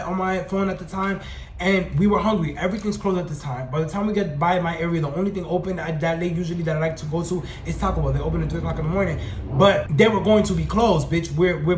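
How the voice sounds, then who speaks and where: A young man with a high voice tells his story at a rapid clip, full of slang and swearing. He sounds sassy and animated. The room echoes around him. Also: slight background noise. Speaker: storytime vlogger. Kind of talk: casual storytelling rant.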